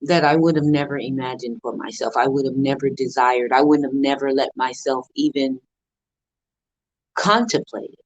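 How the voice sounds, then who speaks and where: A woman's voice: rumbling low, fairly even intonation, normal speed, dry recording, lo-fi sound. Earnest woman giving a motivational talk. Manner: earnest, preacher-like cadence with repetition. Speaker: motivational speaker. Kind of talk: live-streamed motivational talk.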